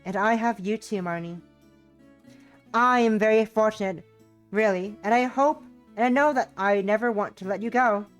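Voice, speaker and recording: A woman's voice: medium pitch, moderate pace, faint music behind, voice pushed up, lightly acted. A woman voicing Elizabeth, a devoted young woman who speaks in an earnest, old-fashioned formal way in a visual novel. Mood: earnest, defiant.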